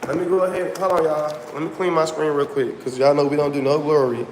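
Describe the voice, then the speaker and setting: A man's voice: on the high side, level tone, fast, reverberant, big-room sound, slight background noise. A man hosting his own livestream in casual chat, talking straight to his viewers and repeating himself often. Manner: chatty, repeats himself, addresses viewers as y'all. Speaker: livestream host.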